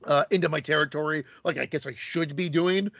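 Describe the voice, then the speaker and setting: A man's voice: fairly high pitch, fairly quick, creaky, a bit bright, no echo. A man co-hosting a podcast in casual chat, teasing his co-host with jokes. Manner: joking, teasing interjections. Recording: dry, dull lo-fi sound.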